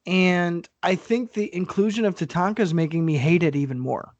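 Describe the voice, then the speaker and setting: A man's voice: high-pitched, normal speed, a little mellow, no echo, highs cut off. A man co-hosting a podcast in casual, profane chat, laughing often and talking with animation. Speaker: podcast co-host.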